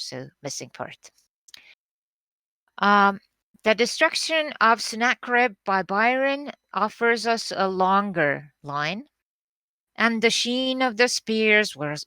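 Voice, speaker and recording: Woman teacher, slow careful lecture, bright clear voice, dry sound. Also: medium pitch, dry recording. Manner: careful, explanatory, with frequent fillers and restarts. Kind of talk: recorded lecture on poetry meter.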